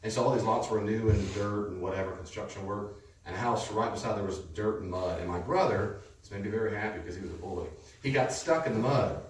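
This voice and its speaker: A man teaching a class in a conversational way, telling stories with a lively manner to a live audience. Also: lowish voice, fast. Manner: lively storytelling, lecturing. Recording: echoey room, distant mic, faint noise.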